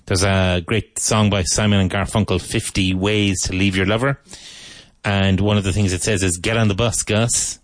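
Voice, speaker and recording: A man hosting a radio English lesson, repeating example sentences slowly and clearly before explaining them. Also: sits low, little pitch movement, no echo. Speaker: English teacher and radio host.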